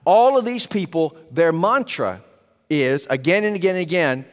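A man's voice: fairly high pitch, big pitch swings, normal speed. A man preaching a sermon to a congregation, emphatic and asking rhetorical questions. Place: church sanctuary. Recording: long hall reverb.

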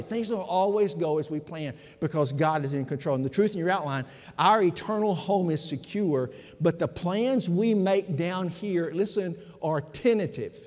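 A man's voice: fairly high pitch, darkish tone. A man preaching a sermon as pastor, emphatic and speaking directly to his congregation. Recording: long hall reverb.

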